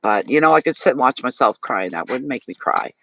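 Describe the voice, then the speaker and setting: A man's voice: medium pitch, sing-song, brisk, vocal fry, bright, forceful tone, low-quality recording. A man with a Maritime Canadian accent giving a live tarot reading, talking chattily and animatedly to his viewers and answering chat comments. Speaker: tarot reader.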